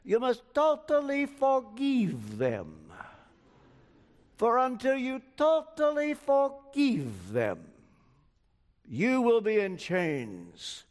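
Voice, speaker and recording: A preacher voicing a stern older male friend with a Romanian accent, giving slow, emphatic counsel in a reverberant hall. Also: extremely high pitch, huge pitch swings, pitched above the performer's own voice, full character voice.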